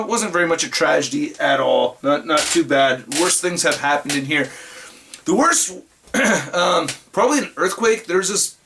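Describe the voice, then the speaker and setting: A young adult man chatting casually to camera about his collectibles room, animated and jokey. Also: fairly high pitch, a little hiss or hum. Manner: animated, jokey, loud greetings. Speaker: vlogger, toy collector.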